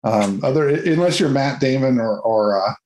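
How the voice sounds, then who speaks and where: A man's voice: medium pitch, animated, normal speed, a little mellow, low-quality recording. A man hosting a casual movie review chat, rambling and hesitant with many fillers and restarts.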